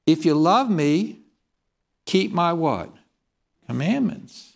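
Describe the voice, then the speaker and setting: In a slightly high, very animated voice with vocal fry, a man delivers a sermon slowly. He reads scripture in King James wording and asks the congregation questions.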